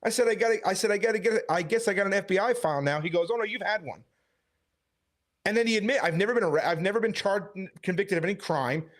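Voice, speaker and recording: High-voiced man, street preacher. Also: racing, hardly any pauses. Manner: animated storytelling, quoting others. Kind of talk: casual conversation, retelling events.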